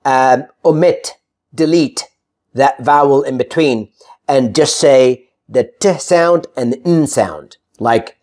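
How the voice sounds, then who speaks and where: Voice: medium pitch, a little mellow. An English pronunciation teacher in an online lesson, who says each example word several times and checks in with "right?". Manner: demonstrates words slowly, repeating each for contrast; checks in with frequent "right?" and "all right?".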